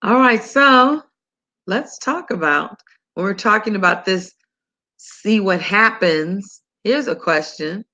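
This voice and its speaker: An older woman hosting a health talk, telling a story in a chatty, animated, conversational way. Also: mid-range voice, slow. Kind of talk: casual monologue to listeners.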